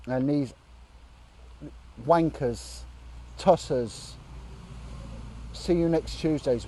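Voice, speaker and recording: A man's voice: mid-range voice, warm tone. A man vlogging from a roadside bench on a long walk, talking earnestly and indignantly, with blunt swearing. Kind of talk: casual outdoor chat to camera. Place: outdoors, sitting on a bench by a road.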